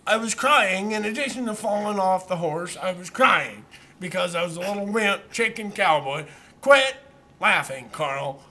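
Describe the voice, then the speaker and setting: A man's voice: sits high, sharp tone, a little hiss or hum. A man casually telling a childhood story to a camera that a friend is holding, rambling and poking fun at himself. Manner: rambling and self-deprecating, with repeated "so anyway". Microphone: camera held by a friend.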